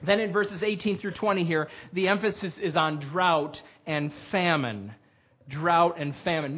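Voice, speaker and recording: High-voiced preacher man, lo-fi. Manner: reads scripture aloud with rising emphasis; earnest, direct address to congregation. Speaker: pastor. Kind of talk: sermon.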